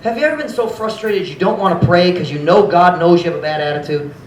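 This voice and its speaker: A man preaching a sermon as pastor, telling a story in an animated, frank, conversational way. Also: high-pitched, fast talker, slight background noise. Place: church sanctuary. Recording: roomy church echo.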